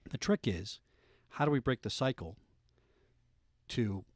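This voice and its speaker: A middle-aged man hosting a radio talk show, telling police stories with lively animated delivery. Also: mid-range voice, a little slow, dry recording, clean studio sound. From United States. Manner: animated storyteller, acts out voices in anecdotes.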